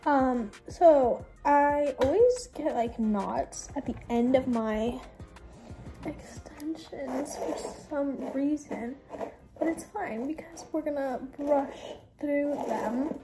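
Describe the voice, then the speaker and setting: A young woman vlogger with a high voice talks slowly to the camera while doing her makeup and hair, with music playing behind her. It's a casual get-ready-with-me chat, chatty and rambling, and she says "like" constantly.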